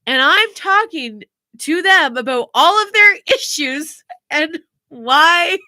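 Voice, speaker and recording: Animated mom telling stories. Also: female voice, high-pitched, slow, no echo, clean studio sound. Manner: animated storytelling, acts out family members' voices, laughs often. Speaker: podcast co-host. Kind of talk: casual chat.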